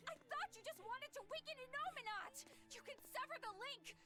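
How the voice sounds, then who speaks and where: An actress playing an earnest, caring young woman knight in a video game, pleading and gentle. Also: extremely high pitch, a little fast, over loud music.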